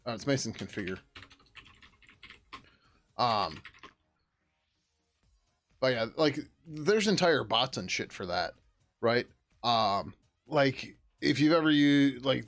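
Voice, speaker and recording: A man's voice: medium pitch, unhurried, pauses often, a bit bright, soft background music. A middle-aged man hosting a casual coding livestream, rambling and swearing now and then as he works at his desk. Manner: rambling, casual, swears, hums to himself while working. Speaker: livestream host and software developer.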